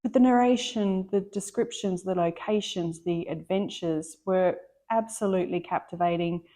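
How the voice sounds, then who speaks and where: A woman's voice: on the low side, moderate pace, mellow. A middle-aged woman, chatting enthusiastically about books she loves as a book vlogger, often restarting her sentences. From Australia. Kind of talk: casual book chat.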